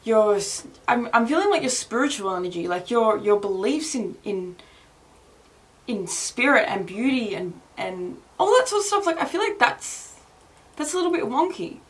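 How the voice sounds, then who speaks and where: A woman's voice: on the high side, lively intonation, normal speed. A woman from Australia giving a casual tarot reading, rambling and swearing freely with frequent laughs and filler words. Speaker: tarot reader.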